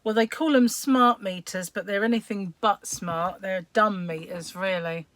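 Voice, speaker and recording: Brief: middle-aged woman, croaky and a touch hoarse, rambling live-stream chatter, dry close sound. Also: mid-range voice, unhurried, fairly bright tone, no echo. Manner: chatty, rambling, greets viewers by name. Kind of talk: casual live stream chat.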